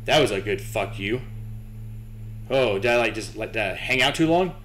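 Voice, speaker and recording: A young man with a lowish voice talks through a scary game, jittery and cursing as he mutters to himself and taunts what's on screen. A faint hiss of noise sits under his voice. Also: expressive, normal speed, a bit bright. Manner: nervous, swearing, talking to himself and the game. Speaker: gaming channel host. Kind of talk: horror game playthrough commentary.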